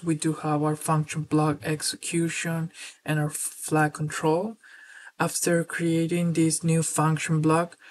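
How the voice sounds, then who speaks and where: A woman presenting a screen-recorded software tutorial, explaining steps steadily and filling pauses with "uh". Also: sits low. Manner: steady explanatory walkthrough with filler words.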